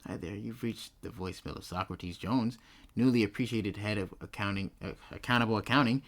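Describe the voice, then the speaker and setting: A man's voice: fairly low pitch, fairly quick, a bit bright, pitched below the performer's own voice. A man voicing a middle-aged father, an awkward accountant, recording a fumbling voicemail greeting in a game.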